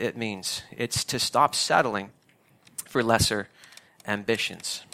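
Bright-voiced pastor preaching. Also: male voice, mid-range voice. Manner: conversational, emphatic, repeats key phrases. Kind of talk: sermon.

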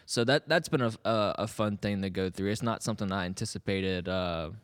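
A man's voice: fairly low pitch, fairly quick, in a large hall. A man in his thirties co-hosting a podcast, chatting casually and rambling with frequent restarts and laughs. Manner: rambling, self-interrupting, laughs often. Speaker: podcast co-host. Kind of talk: casual chat.

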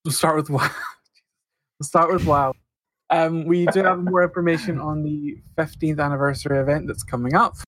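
A man's voice: a little high, fairly even intonation, normal speed, a bit bright. A man co-hosting a podcast, reading out news items casually with frequent fillers. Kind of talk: casual chat.

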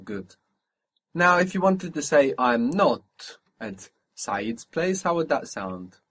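A man's voice: on the high side, sing-song, slow pace, a bit bright. A man teaching a spoken language lesson, patiently asking for phrases, repeating each answer back and explaining pronunciation.

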